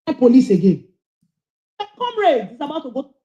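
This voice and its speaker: A woman's voice: sits high, wildly swooping pitch, moderate pace, mellow, reverberant, muffled recording. A woman giving passionate, scolding commentary on a livestream as she reads out charges.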